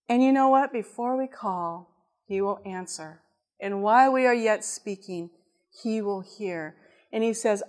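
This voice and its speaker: Woman preacher, slightly high voice, lively storyteller who acts out the dialogue. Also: moderate pace. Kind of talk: sermon with personal story.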